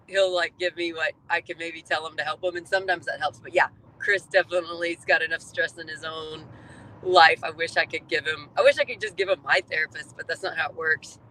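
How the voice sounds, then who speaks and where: A woman talking openly and warmly about her life in a candid personal vlog, chatty and heartfelt, with plenty of fillers, recorded inside a car. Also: low voice, steady tone, a little fast, a little hiss or hum, poor audio. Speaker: vlogger sharing her health journey.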